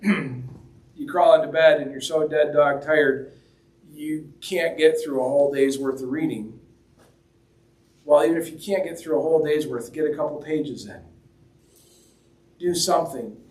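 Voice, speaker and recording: A man preaching a sermon in a conversational, joking way, acting out the quoted lines as he goes. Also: fairly high pitch. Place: church hall. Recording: roomy echo, mic at a distance.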